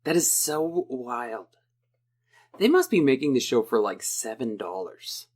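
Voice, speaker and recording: A man's voice: medium pitch, big pitch swings, a little slow, darkish tone. Guy on a podcast, rambly, jokey, laughs a lot. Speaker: podcast regular. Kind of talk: casual chat.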